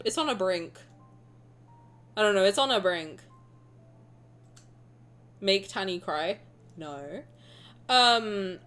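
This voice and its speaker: Woman streamer, self-mocking and jokey, with a bouncy, expressive voice over quiet background music. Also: medium pitch. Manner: animated, joking and self-mocking. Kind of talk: casual chat with viewers.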